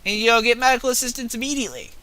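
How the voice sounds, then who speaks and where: Animated swearing young gaming guy. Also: extremely high pitch, rapid-fire. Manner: profane, animated and excitable. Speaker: gaming video host. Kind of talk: casual gameplay commentary.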